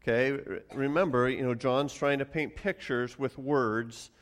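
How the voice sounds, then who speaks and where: A man's voice: medium pitch, fairly even intonation, unhurried. A man preaching a sermon as pastor, telling stories casually and often repeating words as he goes. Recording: long hall reverb.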